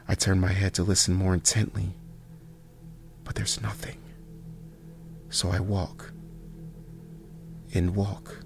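A man narrating a first-person horror story in a slow, hushed delivery that sometimes drops to near whispers. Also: sits low, vocal fry.

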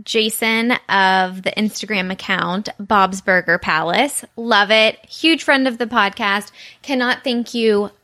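A woman's voice: medium pitch, slow, few pauses, sharp tone. A woman from Texas co-hosting a podcast in casual chat, giggly and enthusiastic. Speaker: podcast co-host.

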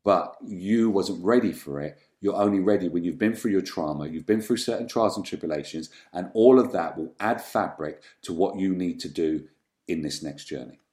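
A man with a deep, dark and mellow voice talks candidly about his past as an interview guest. He is reflective and halting, and often trails into ums and restarts. His delivery is unpolished and personal. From London, England.

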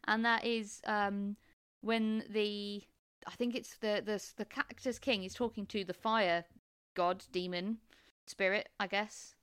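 A woman's voice: medium pitch, fairly even intonation, takes it slowly, a bit bright, smooth, dry recording, clean studio sound. A woman guest chatting casually on a film podcast, laughing often and acting out lines she quotes. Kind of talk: casual chat.

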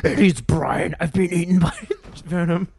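Crude adult cartoon dog, rowdy and mocking, slightly raised pitch, a man hamming it up, dry booth sound. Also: fairly even intonation, moderate pace, creaky, darkish tone, husky, no echo, full character voice.

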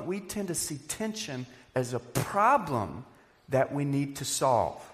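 A man's voice: a little high, a bit bright, big-room sound. A man giving a sermon as a pastor, conversational, with playful asides.

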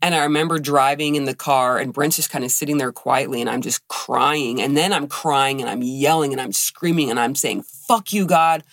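A woman's voice: rumbling low, brisk, hardly any pauses, no room sound, studio quality. Woman co-host telling a personal story. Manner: animated, acts out quoted dialogue. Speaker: podcast co-host. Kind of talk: casual storytelling chat.

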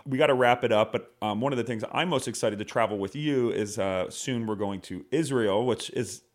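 A man hosting a podcast, asking questions in a friendly, relaxed conversational way. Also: medium pitch, brisk. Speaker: podcast host. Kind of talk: conversational interview.

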